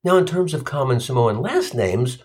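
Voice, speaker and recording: Middle-aged guy from cincinnati doing a salty comedy bit, dry and sarcastic, pitch all over the place. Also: animated, normal speed, darkish tone. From Cincinnati, USA. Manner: sardonic, profane, punchline-driven. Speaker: stand-up comedian. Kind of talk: comic monologue.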